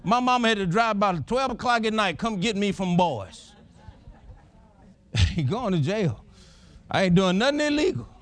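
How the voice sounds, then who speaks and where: A man's voice: high-pitched, very animated, normal speed, long pauses, a bit bright. A middle-aged man preaching a sermon, folksy and emphatic, chuckling as he tells personal stories.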